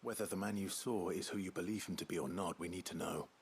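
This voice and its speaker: Calm game hero, super deep gravelly voice, measured. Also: male voice, heavily acted. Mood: steady. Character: gruff grown man, a sword-bearing hero. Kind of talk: game voice acting.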